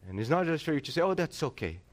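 A middle-aged man preaching a sermon from the pulpit. His voice sits a little high and swings widely in pitch as he presses each point, with frequent restarts along the way. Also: rapid-fire. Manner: animated, emphatic, with frequent restarts. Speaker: pastor.

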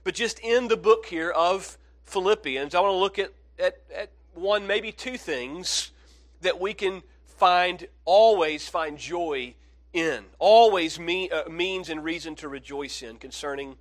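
Higher-voiced male pastor preaching earnestly. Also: a little slow. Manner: earnest, swings from hushed to emphatic. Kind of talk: sermon.

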